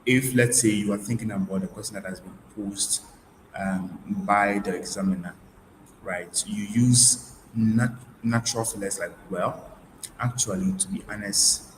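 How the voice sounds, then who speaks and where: A man with a fairly low voice gives a webinar lesson. He restates each point and often stops to restart with fillers. The room sounds roomy, with a faint hiss behind him. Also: fairly even intonation, moderate pace. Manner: repeats key points, frequent fillers and restarts. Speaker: IELTS tutor. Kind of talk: webinar lecture.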